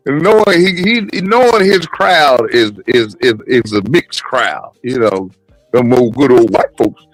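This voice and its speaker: A man's voice: medium pitch, takes it slowly, no echo, soft background music, low-quality recording. A man in casual panel chat, crude and mocking, laughing as he talks. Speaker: panel caller.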